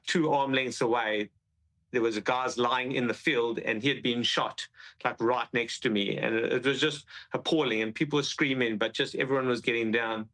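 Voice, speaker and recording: A man recounting his experience in an interview, halting and repeating himself as he speaks. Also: medium pitch, fairly bright tone, rough recording. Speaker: witness describing an attack. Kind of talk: interview account.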